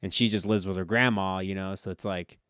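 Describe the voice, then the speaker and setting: A man's voice: low voice, fairly even intonation, a little fast, a bit bright, smooth, no echo, clean studio sound. A man co-hosting a casual podcast, laid-back and swearing freely as he retells TV scenes. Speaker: podcast co-host. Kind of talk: casual chat.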